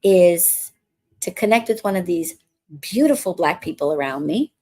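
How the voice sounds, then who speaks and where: A woman's voice: on the low side, moderate pace. A woman from the Bronx, a witchcraft coach and podcast host, telling a casual story in a chatty way and acting out what people said. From the Bronx, New York. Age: adult, married since before 2020. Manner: chatty, animated, acts out quoted dialogue.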